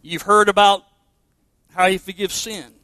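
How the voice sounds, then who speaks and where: High-pitched pastor preaching, punchy, lots of questions, dry close sound. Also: male voice, little pitch movement, measured pace, bright, forceful tone, smooth, no echo. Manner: emphatic, with rhetorical questions. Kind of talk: sermon.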